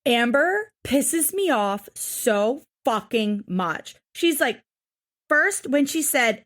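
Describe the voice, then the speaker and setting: A woman's voice: a little high, animated, takes it slowly, fairly bright tone. A young woman co-hosting a podcast, recapping an episode in casual, exasperated chat full of swearing. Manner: exasperated, profane ranting. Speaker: podcast co-host.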